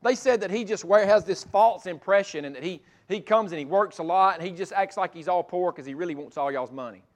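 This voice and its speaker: A high-voiced preacher man. He delivers a sermon in big swings, rising to loud emphatic lines and then dropping to hushed, gentle passages. He sounds middle-aged. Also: fairly quick. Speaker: pastor.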